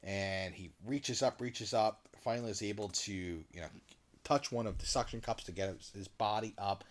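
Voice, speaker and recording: A man co-hosting a podcast, retelling a movie scene in a loose, animated way and acting out the characters' lines. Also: fairly low pitch, normal speed. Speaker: podcast co-host. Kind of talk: casual movie recap chat.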